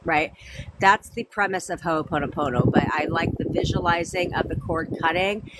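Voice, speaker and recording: A woman's voice: low-pitched, moderate pace, very noisy. A woman coaching viewers on a live stream, chatting casually, answering them by name and repeating her points.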